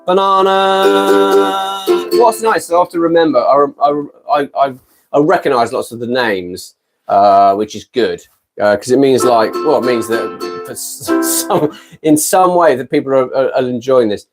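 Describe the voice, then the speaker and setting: A man's voice: mid-range voice, animated, moderate pace, over music. A British man in his fifties chatting casually on a live stream from his garden shed, rambling and self-deprecating between ukulele songs. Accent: British English. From Britain. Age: 50s. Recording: ukulele strumming under the voice. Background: ukulele playing.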